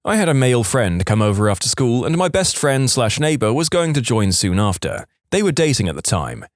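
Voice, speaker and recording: A man narrating online stories aloud with a playful, expressive storytelling manner, acting out the quoted lines. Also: medium pitch, brisk, no echo, studio quality.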